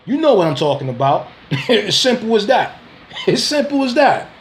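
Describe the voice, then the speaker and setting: A man's voice: high-pitched, slight background noise. A man ranting on a casual video, confrontational, using street slang, repeating himself and laughing scornfully between points. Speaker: dog breeder and vlogger.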